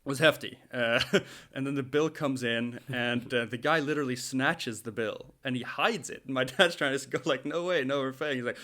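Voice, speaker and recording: A young man telling a story in a casual podcast chat, animated and laughing often, with many restarts. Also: medium pitch, normal speed, few pauses. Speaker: podcast co-host.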